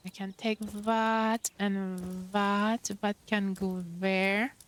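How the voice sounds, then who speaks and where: A woman's voice: medium pitch, level tone, very slow, clean tone. A young woman streamer chatting casually while playing, bubbly and cooing over cute creatures. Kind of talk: casual gameplay commentary.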